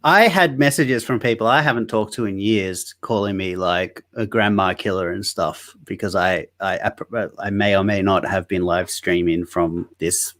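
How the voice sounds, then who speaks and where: A man with an Australian accent and a nasal edge to his voice speaks in a low register. He rambles casually as an interview guest, cracking dry jokes and restarting sentences often. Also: normal speed, few pauses, a bit bright. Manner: joking, rambling, many fillers and restarts. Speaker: guest, online activist. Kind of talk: casual interview over a video call. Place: Sydney.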